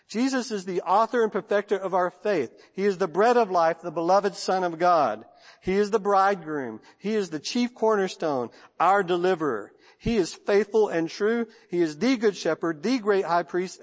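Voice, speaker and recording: A Texan man preaching a sermon as pastor, in a rhythmic cadence with long lists and soft drops at line ends. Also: high voice. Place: church sanctuary. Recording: long church reverb.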